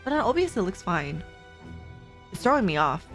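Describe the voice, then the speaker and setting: A young woman streamer chats excitably about a game, full of slang. Her pitch jumps around a lot, and soft game music plays underneath. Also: a little fast, long pauses. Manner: excitable, slangy, laughs often. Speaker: gaming streamer. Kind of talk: casual let's-play commentary. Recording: faint background game music.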